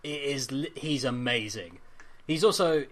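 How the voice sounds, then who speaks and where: A man co-hosting a casual pop culture chat, animated and excitable, swearing freely. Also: medium pitch, a little slow. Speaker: podcast co-host.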